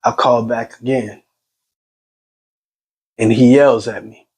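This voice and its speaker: A shaken man tells what happened in a raw, halting voice. His pitch sits in an ordinary middle range, and he keeps breaking off and restarting. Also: fairly even intonation, a little mellow, slightly rough. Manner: agitated, halting retelling with restarts. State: shaken and grieving. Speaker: son recounting his mother's death. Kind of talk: personal spoken testimony.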